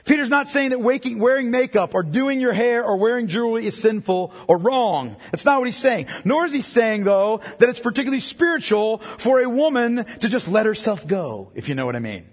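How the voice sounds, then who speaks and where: Male pastor, middle-aged, husky and high-pitched, joking sermon delivery, long reverb. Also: lively intonation, a little fast, hardly any pauses. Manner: joking asides with a congregation. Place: church hall.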